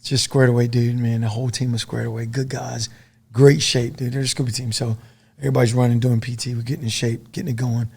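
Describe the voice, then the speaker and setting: A middle-aged man and former soldier, a podcast guest telling stories in a casual, profane, animated way. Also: mid-range voice, fast, vocal fry, slightly rough. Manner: profane, animated storytelling full of dude and man.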